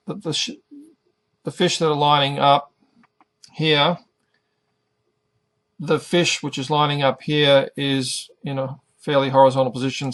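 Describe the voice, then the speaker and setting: A middle-aged man teaching an English lesson, pronouncing each word carefully and deliberately. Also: mid-range voice. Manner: careful, over-articulated pronunciation. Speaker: ESL teacher.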